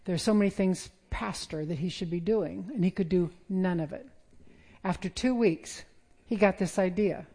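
Middle-aged woman preacher, warm low-key delivery, wry and conversational. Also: moderate pace. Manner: conversational, self-deprecating humor. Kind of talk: sermon.

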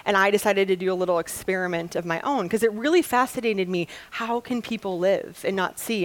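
A young woman from Wisconsin reading scripture and preaching a sermon, earnest and storytelling, slowing down to stress key lines. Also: mid-range voice. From Wisconsin, USA. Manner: earnest, storytelling, slows for emphasis.

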